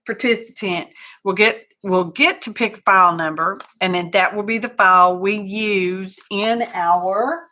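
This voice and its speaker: Folksy woman, craft livestream host, bright and chatty. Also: medium pitch, measured pace. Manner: chatty and folksy, greets viewers by name, says y'all. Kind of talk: casual live craft chat.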